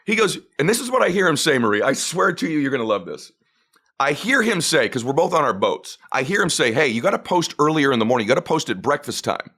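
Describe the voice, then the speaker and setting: Middle-aged male guest, lively storyteller, slightly raised pitch, acts out every part. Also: fast. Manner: acts out quoted dialogue with big pitch jumps. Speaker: guest speaker. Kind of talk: animated storytelling.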